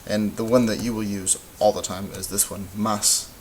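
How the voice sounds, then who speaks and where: A man with a low voice talks through a recorded grammar lesson. He explains in a relaxed way, filling pauses with ums and uhs. A faint hiss runs under the recording. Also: poor audio. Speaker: Spanish teacher.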